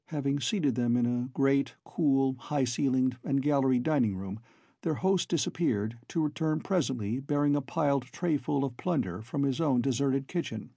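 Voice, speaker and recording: A man narrating an audiobook in a steady, even storytelling voice. His tone is dark and mellow with a husky edge. It is recorded close and completely dry. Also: medium pitch, normal speed, no room sound. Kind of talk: scripted narration.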